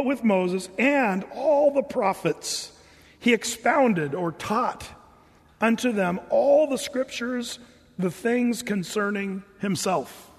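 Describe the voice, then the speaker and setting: Man, pastor, casual sermon, high voice, husky, echo of a big hall. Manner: casual, animated storytelling with voiced quotes. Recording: reverberant hall.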